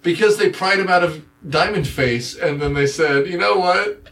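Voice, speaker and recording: A man's voice: a little high, moderate pace, a bit bright. A man co-hosting a casual movie review chat, sarcastic and rambling, swearing freely. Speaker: podcast co-host.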